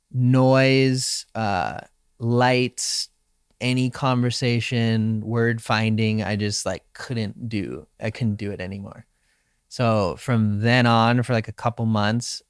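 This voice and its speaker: A young man from Hawaii, a professional surfer, telling his story in a relaxed, reflective way in an interview, often acting out his own inner voice. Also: medium pitch, smooth, no echo, studio quality.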